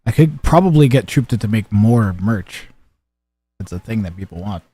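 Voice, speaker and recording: A man's voice: on the low side, lively intonation, moderate pace, dark tone, slightly rough, dry recording. A young man streaming a strategy game, chatting casually with viewers and commentating, rambling with lots of fillers and restarts.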